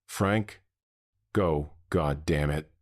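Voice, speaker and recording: A man's voice: a bass voice, drawn-out words, exaggerated voice. A man voicing a frightened woman who whispers through tears. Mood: scared. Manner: whispered, tearful. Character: frightened young woman coworker.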